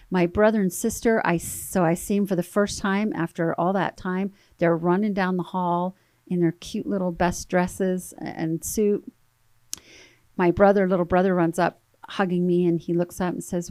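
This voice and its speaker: Woman in her thirties, earnest, halting, lowish voice, dry close sound. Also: fairly even intonation, darkish tone, dry recording. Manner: earnest, halting with repeated words. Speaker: guest. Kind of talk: emotional personal storytelling.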